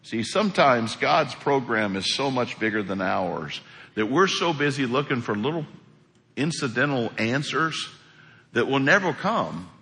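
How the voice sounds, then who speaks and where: A man preaching a sermon as pastor, animated, acting out quotes as he preaches. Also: medium pitch, a little slow. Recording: echoey hall.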